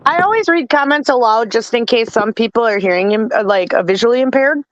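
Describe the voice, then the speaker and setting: A woman's voice: a little high, expressive, brisk, highs cut off. A woman hosting a storm-chase livestream, chatting casually and explaining things step by step. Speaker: stream host.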